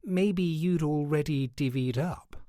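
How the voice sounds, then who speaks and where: A man's voice: on the high side, takes it slowly, mellow, dry recording, studio quality. A man voicing a scheming nightclub boss who talks sourly and slyly. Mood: suspicious. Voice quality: sour, sly.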